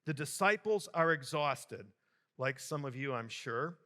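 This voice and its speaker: A man's voice: medium pitch, animated, unhurried, sharp tone. A man from Michigan, a bishop, preaching a homily to a youth conference in a large hall, telling jokes and addressing the crowd with animation.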